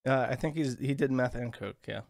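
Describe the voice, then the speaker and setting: Man, mid-pitched voice, profane sardonic storyteller, dry close audio. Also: fairly quick, creaky, dry recording. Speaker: interview guest. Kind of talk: casual podcast conversation.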